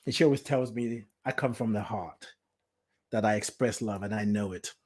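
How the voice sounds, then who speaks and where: A man with a lowish voice at normal speed hosts a spiritual talk show podcast, speaking from the heart in an emotional, repetitive way and reading out listener comments.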